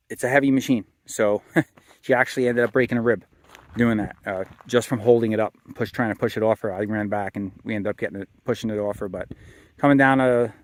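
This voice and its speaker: A man's voice: medium pitch, a little mellow. A married man hosting his own channel, talking casually and rambling a bit, with fillers and restarts. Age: adult, married with a son. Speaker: channel host. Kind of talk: casual walkaround vlog.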